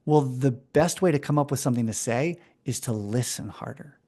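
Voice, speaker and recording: A man speaking as a guest on an interview podcast, talking with animated enthusiasm and frequent restarts. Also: mid-range voice, normal speed. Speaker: interview guest, brand strategist. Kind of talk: casual conversational interview.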